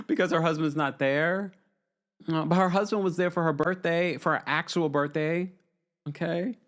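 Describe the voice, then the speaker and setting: A man hosting a casual live stream, reading viewer comments in an animated, playful way. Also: fairly high pitch, a little slow. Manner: animated and playful, often laughing. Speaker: host of a live reality-TV chat stream.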